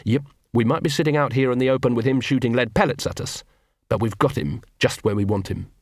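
A man's voice: mid-range voice, brisk, no echo, lightly acted. A man voicing a weary, blunt watch commander with dry gallows humor. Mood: wry.

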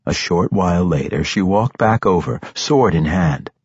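Low husky male audiobook narrator. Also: expressive, normal speed, dry recording, lo-fi sound.

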